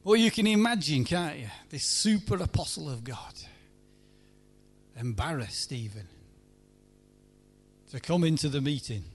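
A man preaching a sermon at a church meeting, emphatic, swinging between loud pleading and hushed lines. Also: fairly high pitch, expressive, unhurried, long pauses, breathy edge.

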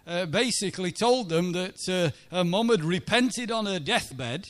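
A man's voice: sits high, a bit bright. A church minister telling a chatty story in a sermon and asking his listeners for agreement. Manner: chatty, anecdotal, asks the congregation for agreement.

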